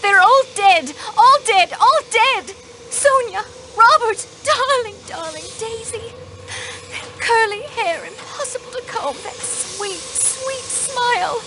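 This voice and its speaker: A woman's voice: very high-pitched, expressive, a little slow, background noise. An actress playing a reserved countess under suspicion in a mystery video game, clipped and guarded in her answers. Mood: grieving. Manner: reserved, clipped, emotional when pushed. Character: guarded aristocratic woman hiding grief.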